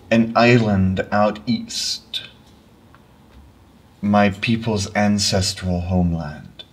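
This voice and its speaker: A man's voice: low-pitched, recorded from a distance, pitched below the performer's own voice. A man putting on a grave, ancient red-eyed elder with a mock Russian accent. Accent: put-on Russian. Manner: slow, grave, heavily paused. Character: ancient albino male with red eyes, solemn and weary.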